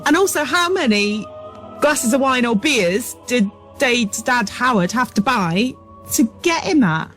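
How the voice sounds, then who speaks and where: English woman radio co-host, high voice, chatty upbeat, music under. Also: expressive, unhurried, a bit bright. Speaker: radio co-presenter. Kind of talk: radio show banter.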